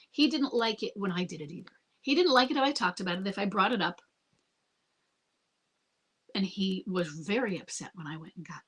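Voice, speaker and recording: Husky woman giving calm marriage advice. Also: mid-range voice. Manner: calm, earnest, repeats herself. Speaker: marriage coach. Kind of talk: live Q&A advice.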